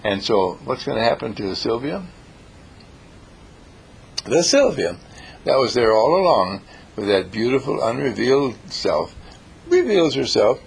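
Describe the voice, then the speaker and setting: A man giving an inspirational talk, telling stories in an animated, emphatic way and repeating his key lines. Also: medium pitch, measured pace, vocal fry, long pauses, husky. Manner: animated, repetitive, emphatic storyteller. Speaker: speaker.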